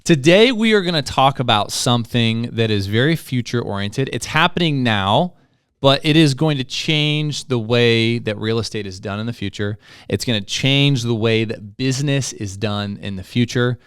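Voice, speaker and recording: A man co-hosting a real estate podcast, joking and energetic as he introduces a guest. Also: medium pitch, normal speed, clear, resonant tone, no room sound, studio quality. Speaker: podcast co-host.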